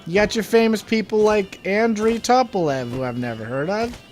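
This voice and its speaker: A man's voice: sits high, moderate pace, soft background music. A young man co-hosting a let's play, joking sarcastically and rambling while he has the hiccups. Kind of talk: casual gameplay banter.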